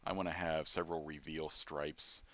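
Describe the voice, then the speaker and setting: A man giving a screen-recorded software tutorial, thinking aloud with frequent pauses and fillers. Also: extremely low pitch, level tone. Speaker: software instructor.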